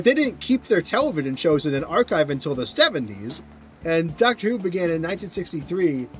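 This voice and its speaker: A man's voice: sits high, dull audio. A man streaming a video game, chatting casually and rambling through answers to viewers' questions, often restarting his sentences. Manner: rambling, self-correcting, answers chat questions.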